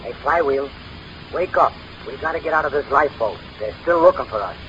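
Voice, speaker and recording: A man's voice: medium pitch, animated, fairly quick, a bit bright, a little hiss or hum, lightly acted. An actor playing a simple-minded male sidekick with a put-on Italian accent and broken English in an old radio comedy. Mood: comic. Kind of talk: 1930s radio comedy acting. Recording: dull lo-fi old radio recording.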